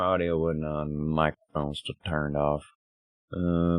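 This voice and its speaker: A man's voice: rumbling low, level tone, slow, smooth, no echo. A male streamer with a groggy morning voice, chatting casually and rambling as he sets up a game, swearing now and then. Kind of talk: casual gaming livestream chatter.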